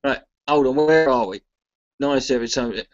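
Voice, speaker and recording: Sweary comedian rambling over a muffled webcam. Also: male voice, medium pitch, normal speed. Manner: sweary, self-mocking, reads chat aloud. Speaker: comedian hosting a charity livestream. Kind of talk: casual rambling livestream chat.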